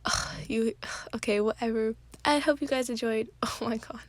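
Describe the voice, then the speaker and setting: A tired woman with a stuffy, blocked-up voice narrates a soft, sleepy ASMR story. Her voice is high and stays level, with little rise or fall. The recording is close and dry. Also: steady tone, normal speed, no room sound. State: stuffy nose.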